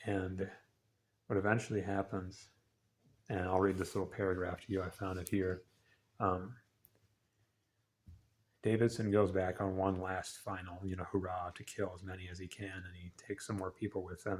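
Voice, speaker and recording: A man giving a relaxed, rambling literary analysis in a soft-spoken, casual way. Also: low-pitched, normal speed. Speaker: book reviewer.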